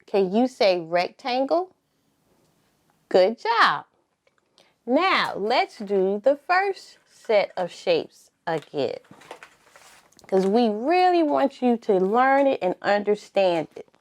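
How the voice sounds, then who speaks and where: Slow, lilting preschool teacher woman. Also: medium pitch, very animated. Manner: slow, drawn-out prompting with call-and-response pauses; sing-song, encouraging. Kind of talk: circle time lesson for toddlers.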